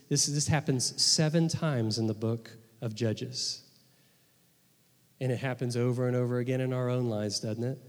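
A man's voice: medium pitch, darkish tone. A man preaches earnestly from the pulpit, his mid-range voice stopping and restarting phrases as he goes. His words ring out with a long reverb through a church sanctuary. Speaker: pastor. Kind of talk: sermon.

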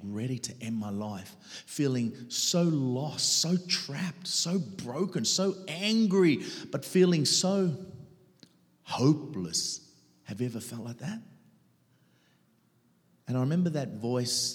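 A middle-aged man preaching his testimony dramatically, swinging between loud outbursts and hushed whispers. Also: mid-range voice. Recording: long reverb of a large hall.

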